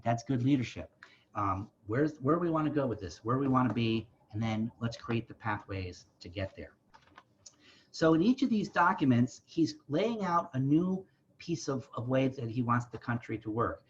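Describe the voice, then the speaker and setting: Over lo-fi sound, a man with a medium-pitched, slightly breathy voice talks through history on a virtual visit to a library site. As a museum educator, he keeps it conversational, often asking his listeners "right?"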